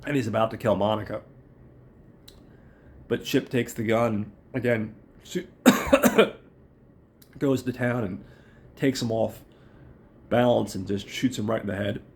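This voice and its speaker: A hoarse man with a cold, hosting a podcast and loosely recapping a film plot with profanity and fillers. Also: lowish voice, fairly even intonation, normal speed, long pauses, darkish tone, slight background noise. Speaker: podcast host.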